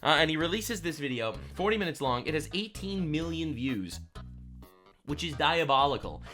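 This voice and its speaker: A young man streaming reaction commentary on clips, excitable and incredulous, jumping between loud outbursts and quick muttered asides. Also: a little high, faint music behind.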